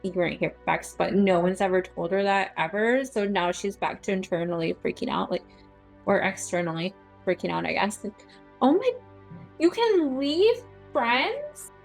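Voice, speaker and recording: A woman's voice: fairly low pitch, steady tone, brisk, gravelly, low-quality recording. Woman player chatting mid-game, easygoing, bit of music behind. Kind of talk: casual tabletop role-play.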